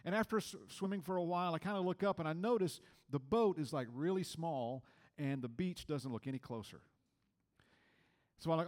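A middle-aged man from Georgia preaching a sermon, telling a personal story in a conversational way, acting out the dialogue and dropping to quiet, low tones for emphasis. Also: brisk, in a large hall. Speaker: pastor.

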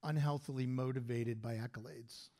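A man reading out audience questions in a plain, even way. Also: mid-range voice, moderate pace. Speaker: question reader.

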